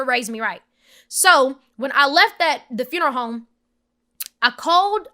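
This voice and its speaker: A young woman, a podcast guest, telling an emotional personal story in an animated, emphatic way and acting out the voices of the people in it. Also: sits high.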